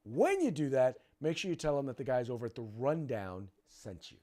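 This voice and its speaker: A man's voice: mid-range voice, big pitch swings, moderate pace, dark tone. A man hosting a casual political podcast, speaking emphatically and often restarting phrases. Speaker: podcast host.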